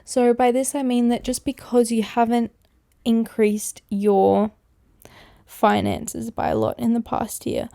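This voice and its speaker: A young adult woman hosting her own podcast, talking in a chatty, excitable way and laughing often. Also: a little high, takes it slowly, creaky, dry recording, studio quality. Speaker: podcast host. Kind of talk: casual solo podcast talk.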